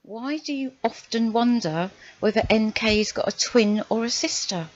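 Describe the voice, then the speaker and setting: A woman's voice: a little high, unhurried, no room sound, muffled recording. A woman hosting her channel, commenting on clips with exasperated, sarcastic rhetorical questions. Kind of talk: reaction commentary.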